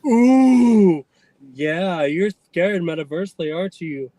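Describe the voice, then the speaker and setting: Man, high voice, wild swings, squealing yelps, profane taunting, dry close sound. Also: lively intonation, moderate pace, no room sound. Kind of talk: trash-talking rant.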